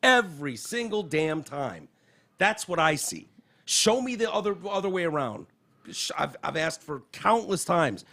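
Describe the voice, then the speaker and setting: A male podcast host with a gravelly, rough edge to his voice. He talks fast and animated, with his pitch leaping up and down and a lot of casual swearing. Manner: animated, profane, reads quotes aloud. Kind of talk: casual political chat. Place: podcast studio.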